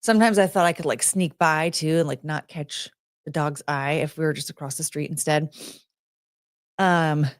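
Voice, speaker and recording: Lady streamer chatting w/ her viewers, kinda low voice, giggly, rambles a lot, squeals hellos then mumbles. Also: normal speed, no room sound, studio quality. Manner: rambling and giggly, with lots of fillers and restarts; jumps between high excited greetings and low mumbling asides. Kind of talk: casual chat reading out chat names.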